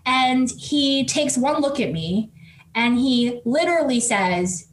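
A woman researcher telling a lively story as an interview guest, with plenty of "like"s and restarts. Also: high-pitched, moderate pace, reverberant. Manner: lively anecdote full of "like" and restarts. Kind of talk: storytelling in conversation.

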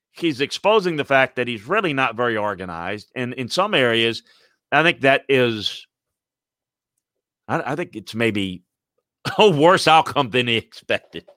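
A man in casual sports talk, rambling and animated with many restarts. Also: mid-range voice, dry recording, clean studio sound. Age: older. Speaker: sports commentator.

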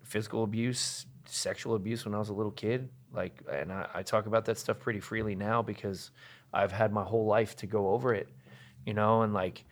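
Low-voiced man, earnest and confessional. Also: steady tone. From New Jersey, USA. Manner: earnest, confessional, speaks slowly with pauses. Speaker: guitarist guest. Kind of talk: candid podcast interview.

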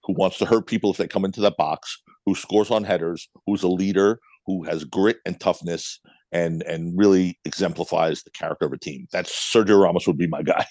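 Middle-aged man, Brooklyn accent, low voice, blunt storyteller, dry close sound. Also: a little fast, dry recording. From United States. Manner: blunt, animated storyteller who swears. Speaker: guest, club owner. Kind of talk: casual interview storytelling.

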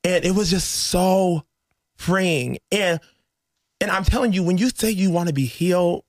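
A man hosting a casual faith podcast, telling an emotional story and acting out the dialogue with lively energy. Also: high-pitched, measured pace, no echo, studio quality. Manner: emotional, animated storyteller who acts out dialogue. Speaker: podcast host.

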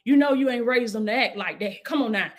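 Woman preacher with a high voice, casual sermon delivery that swings between urging and soft prayer. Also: brisk. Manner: preaching with call-and-response, dropping to hushed prayer.

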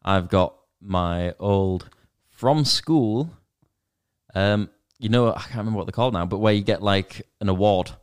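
A man's voice: fairly low pitch, measured pace, clear, resonant tone. A man co-hosting a podcast, chatting casually with dry, wry remarks. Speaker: podcast co-host. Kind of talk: casual chat.

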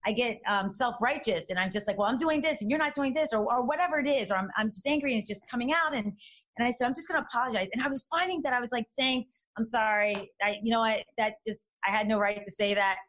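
A woman talking candidly in a casual conversation, animated, with many restarts and fillers. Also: fairly high pitch, quick pace.

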